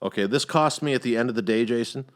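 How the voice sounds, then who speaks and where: A middle-aged man hosting a casual podcast chat, telling a long story with heavy profanity and animated outbursts. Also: medium pitch, fast, background noise. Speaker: podcast host.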